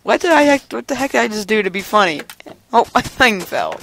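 A man's voice: sits high, sing-song, fairly quick, pushed and bright. A male gamer rambling hyperactively over his gameplay, giggling and making random noises. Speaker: gameplay commentator. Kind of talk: casual let's-play commentary. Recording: noisy home recording.

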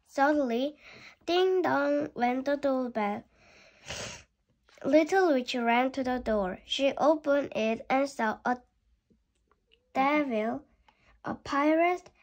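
A woman reading a children's picture book aloud, careful and deliberate, with small slips. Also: sits high. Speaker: reader.

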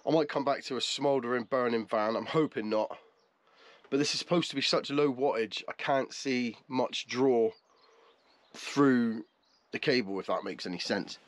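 A man with a medium-pitched voice talks at a moderate pace, with no echo. He's vlogging casually to the camera from in and around a camper van, chatty and poking fun at himself.

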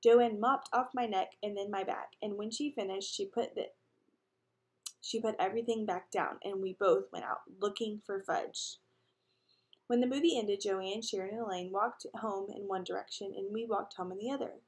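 A woman reading a children's novel aloud, lively, with asides to her listeners. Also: mid-range voice, moderate pace. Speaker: reader.

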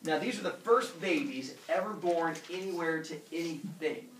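A man teaching a class, retelling a myth in a jokey, animated way and acting out the characters. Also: on the high side, moderate pace, slight background noise. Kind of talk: classroom storytelling. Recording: echoey classroom from far off.

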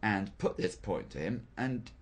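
An older man, a theatre director, recalling his work in an interview, thoughtful and hesitant with frequent pauses and restarts. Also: lowish voice, expressive. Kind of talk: reflective interview recollection.

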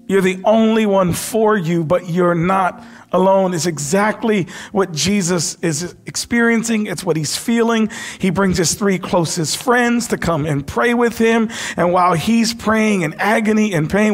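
A man preaching a sermon as pastor, impassioned, dropping to a hush when he quotes. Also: high-pitched, measured pace. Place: church sanctuary.

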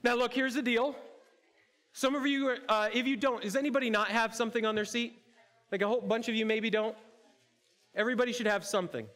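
A high-pitched male pastor delivers his sermon in a church auditorium. He's playful and interactive, talking straight to the people in the seats. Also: steady tone, quick pace, fairly bright tone. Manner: playful, interactive, addresses congregation directly. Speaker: campus pastor.

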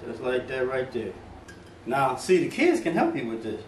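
A man's voice: mid-range voice, big pitch swings, normal speed, darkish tone, recorded from a distance. Joking male home cook, echoey kitchen. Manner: playful, joking, talks straight to viewers in Southern US slang. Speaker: home cooking video host. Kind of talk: casual cooking demonstration. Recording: echoey kitchen from off-mic, faint room noise.

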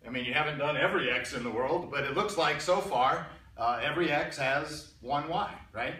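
A man teaching a college algebra class, pausing, restarting and often clearing his throat as he asks the students questions. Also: on the high side, pushed and bright. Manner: halting, repeats words, clears throat often. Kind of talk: classroom lecture. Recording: echoey classroom from far off.

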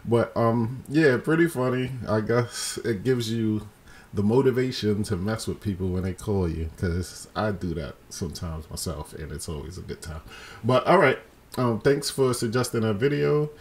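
A man's voice: on the low side, animated, moderate pace. A man hosting a reaction video, chatting casually and laid-back about a clip.

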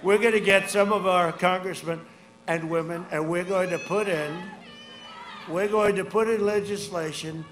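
A man's voice: steady tone, normal speed, noisy background. Rambling older man at an echoey rally. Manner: rambling, repetitive, swings from loud shouts to low asides. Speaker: politician speaking at a rally. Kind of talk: rally speech. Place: large outdoor rally. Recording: echoey outdoor rally with crowd ambience.

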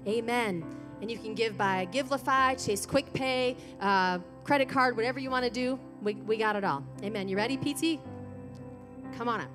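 A woman gives church announcements and leads the offering prayer with upbeat encouragement. Her voice is fairly high, and clear music plays behind her in the church. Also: normal speed. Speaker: church minister leading the offering. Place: church sanctuary.

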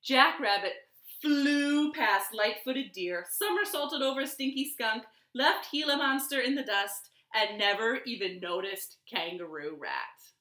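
A woman librarian reads a children's picture book aloud at an unhurried pace. Her bright voice swoops up and down with lots of expression. The living room around her adds a noticeable echo. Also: a little high. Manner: expressive, lively storybook reading. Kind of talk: storytime read-aloud.

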